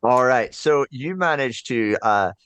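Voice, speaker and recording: A man's voice: medium pitch, unhurried, smooth, no room sound. A man narrating as game master of a tabletop horror game, telling the scene with many fillers. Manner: lively storyteller, many fillers.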